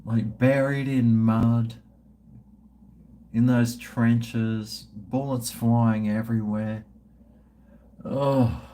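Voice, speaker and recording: A man's voice: medium pitch, steady tone, extremely slow, pauses often, dark tone, slight background noise. A man, chatting casually and profanely with his livestream viewers in a rambling way. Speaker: livestream host.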